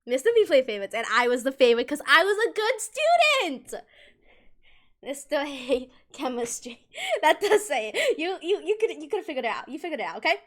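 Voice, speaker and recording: A young woman streamer telling a rambling, animated story in casual chat, full of restarts and giggles. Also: high voice, fairly quick.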